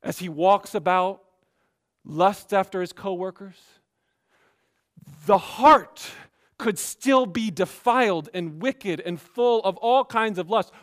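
A man preaching a sermon as pastor, emphatic, swinging between quiet asides and raised exhortation. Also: high-pitched, takes it slowly.

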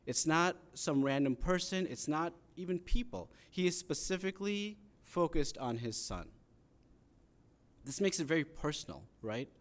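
A man's voice: on the high side, animated, normal speed. A man preaching a sermon in an earnest, conversational teaching manner, pressing harder when he stresses a point. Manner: earnest, conversational teaching with rising emphasis on pleas.

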